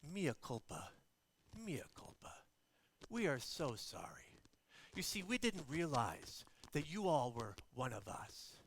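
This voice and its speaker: Hushed contrite bishop, as a preacher puts him on. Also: male voice, a little high, sing-song, takes it slowly, a little hiss or hum, voice pushed down, full character voice. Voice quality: hushed, half-whispered. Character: contrite older male church bishop.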